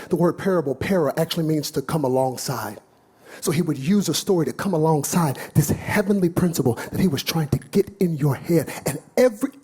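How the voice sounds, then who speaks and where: A man preaching a sermon in a church, telling a parable with dramatic swings from low murmurs to high, excited shouts. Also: slightly rough. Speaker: pastor. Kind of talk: sermon storytelling. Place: church sanctuary with congregation.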